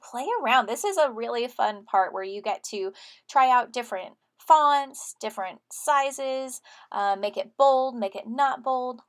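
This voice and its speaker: A woman teacher giving friendly step-by-step instructions to students in a screen-recorded software tutorial. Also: on the high side.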